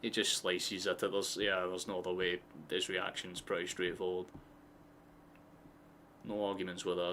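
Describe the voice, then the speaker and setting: A man with a Scottish accent giving casual, excitable live football commentary, swearing freely and drifting into chatty asides. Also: low-pitched, normal speed, a little hiss or hum. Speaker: streamer hosting a match watchalong.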